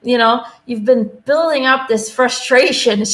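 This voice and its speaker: A woman doing a live angel card reading, speaking gently and reassuringly and often checking in with "okay?" and "you know?". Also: high voice, normal speed, hardly any pauses. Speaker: intuitive angel card reader. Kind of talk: live card reading, casual spoken guidance.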